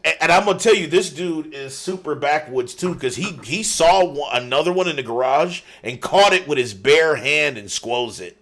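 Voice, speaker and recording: A male podcast host in casual chat, slightly high-pitched. He tells stories with animated energy. He swears freely and laughs often. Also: moderate pace, hardly any pauses.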